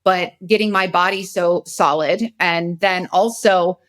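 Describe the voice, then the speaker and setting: A woman's voice: lowish voice, fairly even intonation, measured pace, fairly bright tone. A woman in her forties hosting a podcast, telling a personal story in a candid, emotional, rambling way, and sounding very tired. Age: 40s. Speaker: podcast host.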